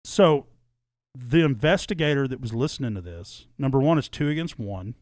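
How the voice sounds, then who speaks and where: Middle-aged man, animated storyteller with a lively pitch, dry podcast mic. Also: moderate pace, no echo. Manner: animated, acts out quoted dialogue, swears freely. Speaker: podcast guest telling his story. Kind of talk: casual storytelling, podcast chat.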